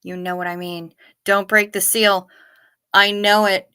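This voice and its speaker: A woman's voice: mid-range voice, little pitch movement, unhurried, sharp tone, smooth. A middle-aged woman, hosting a late-night livestream, tired and yawning as she chats casually with viewers and reads their comments. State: sleepy. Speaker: livestream host.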